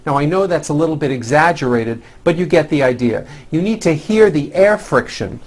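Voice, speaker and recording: A man teaching English pronunciation in a scripted lesson, demonstrating sounds slowly and with exaggeration. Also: a little high, expressive.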